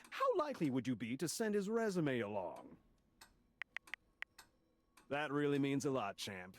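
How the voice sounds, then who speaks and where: A man's voice: high-pitched, a bit bright, full character voice. An actor playing an overeager, chummy corporate man who pushes a survey in video game character dialogue. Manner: chummy, salesman-like.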